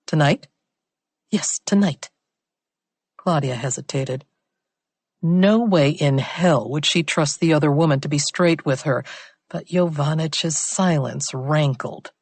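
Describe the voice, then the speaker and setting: A woman narrating an audiobook thriller in a measured, even reading. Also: low-pitched, slightly rough, no room sound.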